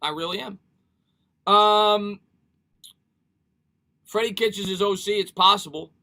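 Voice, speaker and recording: Man, high voice, bright tone, sports talk streamer, energetic chat. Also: measured pace. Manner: animated, repeats himself, reads viewer comments. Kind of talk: casual live-stream chat.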